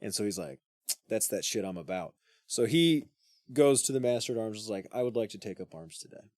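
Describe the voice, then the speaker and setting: A man's voice: fairly low pitch, expressive, brisk, darkish tone, no echo. Slangy storytelling man, dry close mic. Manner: retells myth in slangy voices, swears, laughs. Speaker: podcast co-host. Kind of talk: casual storytelling.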